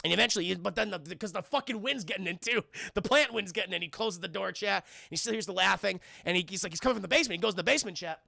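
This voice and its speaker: Male streamer, animated and profane, high voice, bright and gravelly, dry close mic. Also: racing, few pauses, dry recording. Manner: animated, profane, keeps addressing chat. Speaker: streamer film reviewer. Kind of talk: casual scene-by-scene film recap to live chat.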